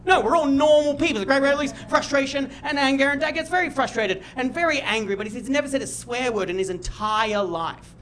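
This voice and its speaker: A young Australian man doing stand-up, telling a long story about his family and sometimes shouting out the lines he acts out. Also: very high voice, fairly quick, hardly any pauses, slight background noise. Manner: animated, jumps to loud shouts when acting out his dad. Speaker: stand-up comedian. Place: comedy stage before a live audience.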